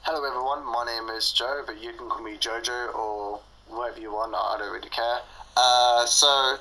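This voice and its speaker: Bright-voiced young man rambling. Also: lowish voice, gravelly, slight background noise, rough recording. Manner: rambling, filler-heavy, laughs often. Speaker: storyteller. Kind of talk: casual storytime chat.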